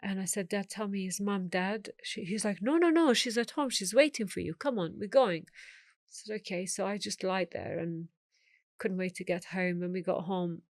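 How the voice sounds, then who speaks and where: A woman's voice: medium pitch, normal speed, no room sound, clean studio sound. Woman retelling a hard past. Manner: emotional storytelling, acting out quoted voices. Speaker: guest. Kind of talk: personal story in an interview.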